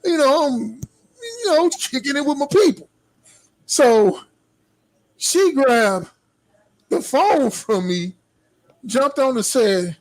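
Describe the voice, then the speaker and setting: A man's voice: very high voice, big pitch swings, takes it slowly, pauses often, rough recording. Laid-back man telling a story. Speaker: podcast co-host. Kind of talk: casual podcast storytelling.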